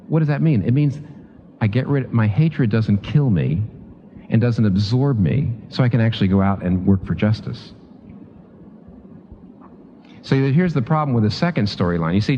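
A man preaching a sermon in a lively, emphatic, conversational way, often restarting sentences and pushing his pitch up on key points. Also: moderate pace, slight background noise. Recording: dull lo-fi sound with long hall reverb.

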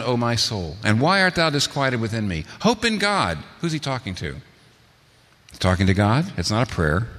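A man's voice: medium pitch, sharp tone, big-room sound. A man preaching a sermon, asking rhetorical questions and building to emphatic peaks. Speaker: pastor.

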